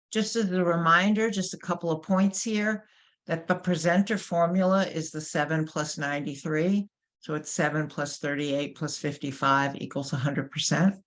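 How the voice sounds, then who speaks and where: Through a webinar microphone, a workshop presenter with a New York accent speaks in a low-sitting voice. She is emphatic and lively, and she poses rhetorical questions to her audience.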